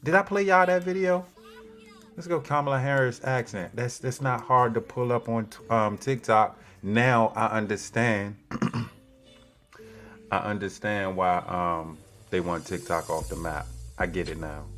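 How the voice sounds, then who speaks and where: A man's voice: fairly low pitch, unhurried, fairly bright tone, soft background music. A man giving casual, slangy political commentary straight to his viewers, preachy and direct.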